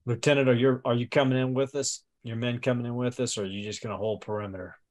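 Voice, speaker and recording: A man voicing a gruff, blunt male army officer who barks clipped orders. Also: mid-range voice, fairly even intonation, quick pace, darkish tone, natural voice. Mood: commanding.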